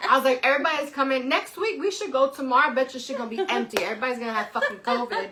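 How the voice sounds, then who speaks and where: A woman co-hosting a casual chat, blunt and profane in a lively way. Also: high-pitched, racing, noisy background. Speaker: podcast co-host.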